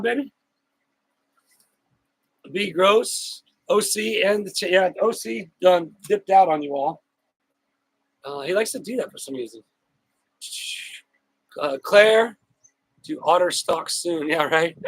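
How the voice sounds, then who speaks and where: A man's voice: a little high, slightly rough, rough recording. Chatty upbeat man on a live stream. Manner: chatty, upbeat, drawn-out shout-outs. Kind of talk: casual live stream chat, greeting viewers. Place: outdoors on a hot day with a fan.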